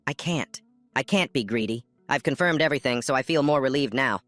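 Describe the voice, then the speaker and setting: A man's voice: mid-range voice, fairly quick, fairly bright tone, no room sound, soft background music, close to an everyday voice. Man doing a flustered young gamer hero.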